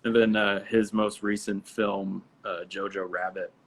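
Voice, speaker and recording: A man in a relaxed, chatty conversation on a live video stream, laughing often. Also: lowish voice, unhurried, a little hiss or hum. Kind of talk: casual chat.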